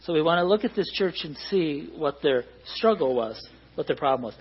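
A middle-aged pastor preaching in a church hall, conversational and joking with the congregation. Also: male voice, on the high side, animated, fairly quick, slightly rough, lo-fi sound. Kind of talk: sermon.

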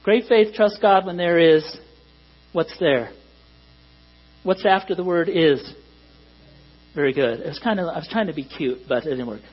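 A man's voice: fairly high pitch, normal speed, long pauses, husky. A man preaching a sermon to a congregation in a conversational way that rises to emphatic peaks. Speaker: pastor. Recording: dull lo-fi recording with mains hum.

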